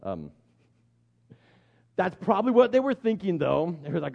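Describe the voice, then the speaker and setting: A man's voice: sits high, huge pitch swings, normal speed, vocal fry, pauses often, lo-fi sound. A man preaching a sermon in a conversational, humorous way, often stopping to restart his sentences. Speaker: pastor.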